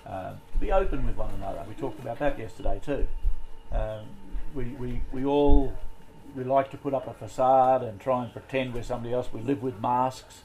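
A man's voice: medium pitch, normal speed, warm tone, slight background noise, rough recording. A man leading a group Bible study, talking in a conversational way with many fillers and restarts.

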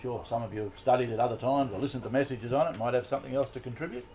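A man's voice: medium pitch, rapid-fire, mellow, slight background noise, low-quality recording. A man leading a group Bible study, talking in a conversational way with many fillers and restarts.

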